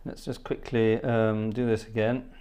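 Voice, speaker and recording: A man's voice: on the low side, level tone, unhurried, mellow, smooth. A man hosting a casual livestream, chatty and rambling, laughing often and thanking viewers by name. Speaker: livestream host and organist. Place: home studio.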